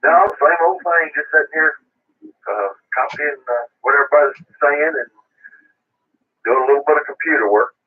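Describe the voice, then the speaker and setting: A man checks in to an amateur radio net with short, easygoing answers. His voice is a bit husky and sits well back from the mic. The signal is narrow and tinny. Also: fairly high pitch, normal speed, pauses often. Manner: easygoing, brief replies. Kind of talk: ham radio net chat. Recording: distant, tinny radio transmission.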